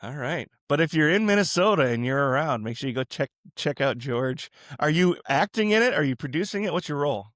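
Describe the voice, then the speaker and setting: A man hosting a Christian podcast, talking in a relaxed, chatty way and musing aloud with restarts. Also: on the high side, fairly quick, hardly any pauses, dry recording, clean studio sound. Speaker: podcast host. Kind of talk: casual Christian podcast interview.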